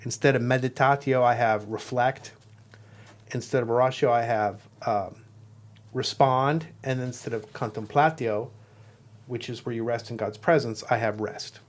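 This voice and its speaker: A man of ordinary pitch talks through a spiritual practice step by step, earnest and reflective. He slows down now and then to lean on key words, like a guest teacher on a podcast. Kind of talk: explaining a devotional method.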